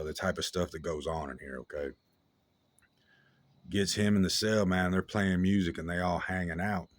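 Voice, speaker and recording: A man telling a story in a casual, slangy way, with halting restarts and lots of fillers. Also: low-pitched, no room sound.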